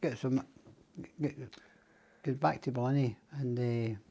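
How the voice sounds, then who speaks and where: This older Scottish podcast guest rambles loosely through his stories at a measured pace, swearing freely and voicing the characters he describes. His medium-pitched voice is steady, dark and mellow, with nothing bright or sharp about it.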